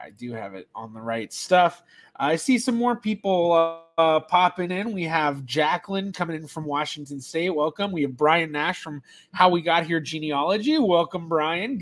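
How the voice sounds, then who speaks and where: A man hosting a casual live stream as a genealogist, chatty, laughing easily as he greets viewers by name, and bothered by allergies. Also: on the high side. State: allergies, sneezy.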